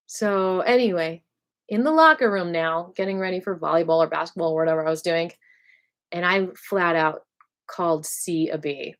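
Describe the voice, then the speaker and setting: A woman singer telling rambling school stories on a casual live stream, animated and full of asides. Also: fairly low pitch, normal speed. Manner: dramatic bursts when quoting herself.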